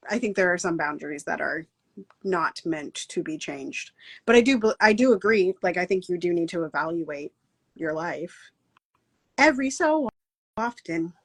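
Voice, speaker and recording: A woman co-hosting an online talk show, chatting casually and running through announcements with many fillers and laughs. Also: on the low side. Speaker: co-host.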